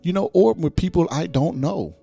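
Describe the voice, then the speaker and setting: A man's voice: on the high side, moderate pace, vocal fry, dark tone, breathy edge, faint music behind. A man co-hosting a podcast, chatting casually with lots of laughter and easy agreement. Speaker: podcast co-host. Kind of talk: casual chat.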